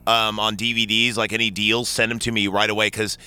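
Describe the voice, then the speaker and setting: Excitable, profane young man recapping movies. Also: on the low side, brisk, clear, resonant tone, dry recording. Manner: excitable, profane, acts out quotes. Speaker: podcast co-host. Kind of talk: casual movie recap chat.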